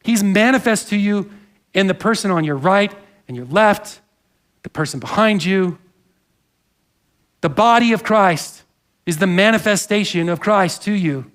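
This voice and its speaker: A man's voice: high-pitched, a little slow, long pauses, fairly bright tone. A man preaching a sermon in a church, earnest and conversational, with asides to the congregation. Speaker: pastor. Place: church sanctuary.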